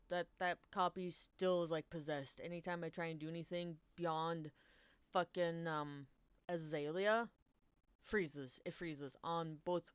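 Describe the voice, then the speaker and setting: Chatting to her stream, a young woman with a smooth, resonant voice on the low side tells a story animatedly, rambling, swearing freely, and breaking off mid-sentence. The audio is dry, slightly dull lo-fi stream sound with no echo.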